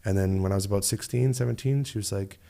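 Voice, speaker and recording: A man's voice: lowish voice, fast, vocal fry. A man, a musician guest, telling stories in a casual studio interview and acting out the voices of people he quotes. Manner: animated storyteller who acts out quoted voices.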